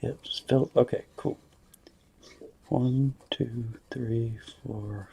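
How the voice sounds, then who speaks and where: A man hosts a giveaway on a live stream, talking slowly and softly with a mellow, dark tone. His asides drop to a murmur, and his voice jumps up when he calls the winner. The audio is dull and lo-fi. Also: mid-range voice, gravelly, slightly rough. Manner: slow, soft-spoken, murmuring asides, bursts of excitement at results. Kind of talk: casual live-stream chat.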